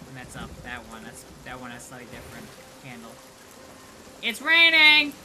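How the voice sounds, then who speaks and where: A man hosting a let's play gaming video, commenting with excitable, jumpy reactions and exclamations. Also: medium pitch, normal speed, slight background noise.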